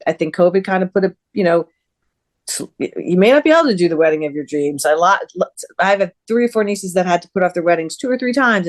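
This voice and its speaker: A woman in her fifties, a guest author in a casual interview, lively and chatty and often restarting her sentences. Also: lowish voice.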